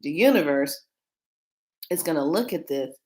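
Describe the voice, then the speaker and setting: A woman who reads tarot cards, chatting casually to the camera and retelling what happened with a client in an animated way. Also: low-pitched, moderate pace. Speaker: tarot card reader.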